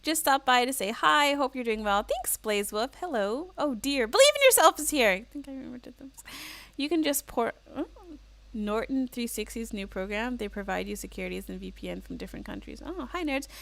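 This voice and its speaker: A woman's voice: a little high, expressive, brisk, creaky, a bit bright, no echo. A woman hosting a casual livestream, chatting and giggling as she reads out viewer comments with plenty of "like" and "um.". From United States. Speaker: livestream host.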